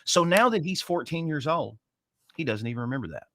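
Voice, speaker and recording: A man in his forties co-hosting a casual chat, telling a story with passion and sharp emphasis. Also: a little high, animated, a little fast. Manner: impassioned, storytelling with emphatic swings. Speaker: co-host.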